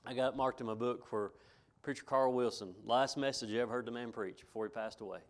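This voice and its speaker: A middle-aged man preaches to his church in a folksy, homespun way. He circles back over his phrases and chuckles between points. His voice sits at a medium pitch. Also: steady tone, fast. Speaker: pastor. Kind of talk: sermon.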